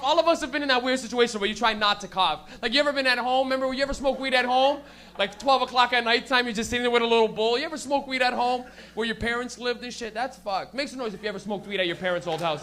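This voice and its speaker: A man's voice: very high-pitched, bright, forceful tone. A young man doing stand-up, loose and profane, working and teasing the crowd. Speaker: stand-up comedian.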